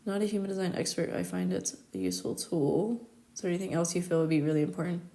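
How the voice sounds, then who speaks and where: A woman's voice: fairly low pitch, fast talker, warm tone. A thirty-year-old woman from the United States, chatting casually on a live stream and telling stories, with lots of "like" and frequent laughter. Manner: chatty storytelling, constant "like", laughs often. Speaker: astrologer hosting a live stream. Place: her home in Paris.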